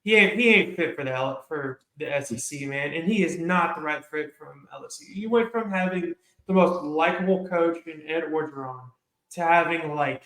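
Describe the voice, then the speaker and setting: A man's voice: a little high, normal speed, a bit bright. A man co-hosting a casual sports podcast, ranting heatedly and telling stories. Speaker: podcast co-host. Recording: echoey room.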